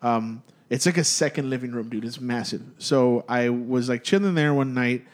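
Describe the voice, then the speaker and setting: A man's voice: mid-range voice, moderate pace. A young man telling a spooky story to friends in casual chat, rambling and profane, full of "dude" and restarts.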